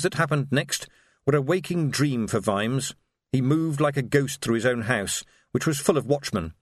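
A man reading a novel aloud with a lively, expressive lilt. His voice sits mid-range and the sound is close and dry. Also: mid-range voice, normal speed, no room sound. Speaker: narrator. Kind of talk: audiobook narration.

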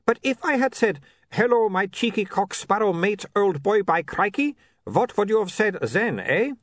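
A man's voice: sits high, big pitch swings, normal speed, a bit bright, no room sound, clean studio sound, pitched above the performer's own voice. A man reading an audiobook voices a formal, eager male vampire photographer with stiff, foreign-sounding phrasing. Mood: indignant.

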